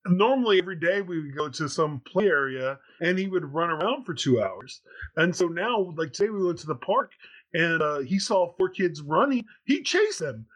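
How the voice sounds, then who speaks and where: A man's voice: a little high, sing-song, moderate pace, fairly bright tone, husky. A man in his thirties hosting a podcast, telling a rambling story in casual chat with plenty of fillers. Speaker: podcast host.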